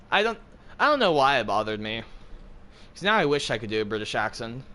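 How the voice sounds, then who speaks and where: With a mid-range, sing-song voice that's pushed and bright, this American man in his twenties talks at normal speed while gaming. As a streamer, he rambles jokily and uses plenty of fillers.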